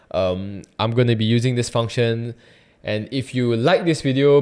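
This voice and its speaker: Reviewing a mic for YouTube, this young man talks in a loose, rambling way, fixing his own statements as he goes. He has a mid-range voice with a darkish tone.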